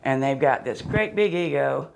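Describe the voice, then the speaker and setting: Older woman guest in her seventies with a gravelly voice and a wry, rambling way of telling stories. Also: rumbling low, expressive, moderate pace. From born in Pennsylvania, raised in southwest Florida. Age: 70s. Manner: wry and joking, rambling with restarts. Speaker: interview guest. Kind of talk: casual storytelling.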